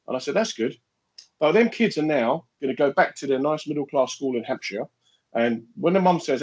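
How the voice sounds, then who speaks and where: Fast-talking blunt middle-aged man. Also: mid-range voice, lively intonation, husky, poor audio. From Irish background. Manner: blunt, brash, joking. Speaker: podcast co-host. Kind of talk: casual chat, storytelling.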